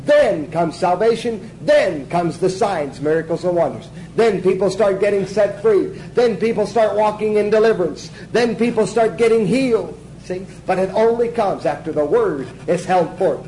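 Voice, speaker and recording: A man's voice: sits high, expressive, moderate pace, hardly any pauses, mellow, slight background noise, rough recording. A man teaching a Bible class in sermon style, emphatic, asking the class questions and answering them himself.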